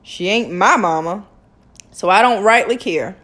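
A woman's voice: mid-range voice, unhurried, fairly bright tone. A woman voicing a cold, sneering male town doctor who answers curtly and with contempt in a drawling dialect.

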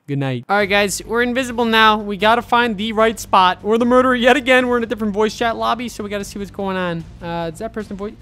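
Young man, gameplay commentary, playful, teasing, chatty, sudden loud excited bursts, faint music behind. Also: high-pitched, fast. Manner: chatty, talks to viewers as "boys". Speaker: gaming video host.

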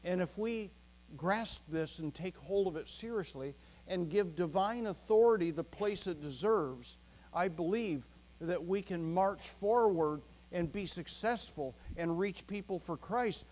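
Earnest higher-voiced male preacher. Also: lively intonation, rough recording. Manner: earnest, emphatic preaching with frequent soft chuckles; swings from slow, weighty phrases to quick bursts. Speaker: pastor. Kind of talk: sermon. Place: church sanctuary.

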